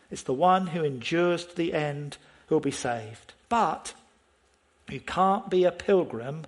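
A man preaching a sermon in an emphatic way, often asking his listeners questions. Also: sits high.

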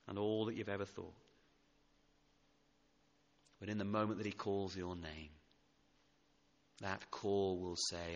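A man preaching a sermon in church, swinging from loud emphatic lines to hushed, tender ones. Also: sits low, level tone, takes it slowly, long pauses, in a large hall, muffled recording. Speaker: pastor.

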